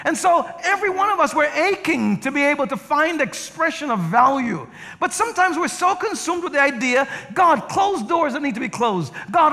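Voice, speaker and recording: A male guest preacher with a strikingly high voice delivers a sermon full of animated storytelling. His pitch rises and falls in a lively way. The sound carries the long reverb of a large church hall. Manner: animated storytelling with acted quotes. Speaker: guest pastor. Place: church sanctuary.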